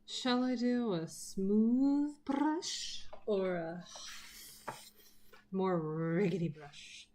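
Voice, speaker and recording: A woman's voice: medium pitch, extremely slow, pauses often, mellow, a little hiss or hum. A woman chatting casually while drawing on a live stream, rambling and swearing freely, often dropping to a murmur as she works. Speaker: art streamer.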